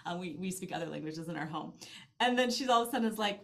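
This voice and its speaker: A woman in her thirties or forties, a mother and interview guest, telling an animated story in casual conversation with lots of "like". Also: on the high side, fast talker. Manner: animated storytelling with acted-out quoted asides, filler "like". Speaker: guest, mother who travels with her kids.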